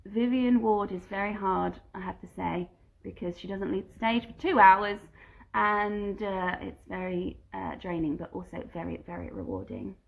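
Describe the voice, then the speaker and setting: A woman's voice: medium pitch, moderate pace, vocal fry, poor audio. A woman and musical theatre performer chatting casually at home, reading fan questions aloud and answering them with giggles. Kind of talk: casual live-stream Q&A chat. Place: at home during isolation.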